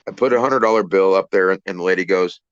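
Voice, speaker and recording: A man telling a personal story in a casual, halting way, repeating words and using many fillers. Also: sits low, highs cut off. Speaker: trucker channel host.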